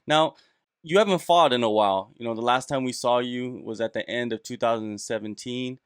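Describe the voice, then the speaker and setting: Smooth-voiced male interviewer. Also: mid-range voice, a little fast, dry recording, studio quality. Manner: friendly, leans on "you know". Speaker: interviewer, host. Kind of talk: interview questions.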